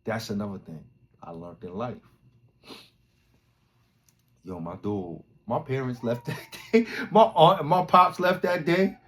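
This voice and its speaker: Animated Brooklyn man telling a story. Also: mid-range voice, measured pace, pauses often. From Brooklyn, New York. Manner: animated, slangy, acts out loud quotes. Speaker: podcast host. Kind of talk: casual storytelling.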